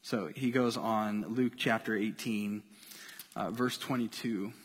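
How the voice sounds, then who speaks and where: A man's voice: lowish voice, fairly even intonation, slow pace, breathy edge, big-room sound. A man preaching a sermon in a conversational way, acting out the voices of people he quotes. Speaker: pastor.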